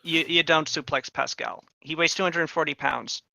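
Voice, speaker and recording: A man narrating a tabletop game as game master, slow and deliberate. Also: fairly high pitch, steady tone, gravelly, bright, forceful tone.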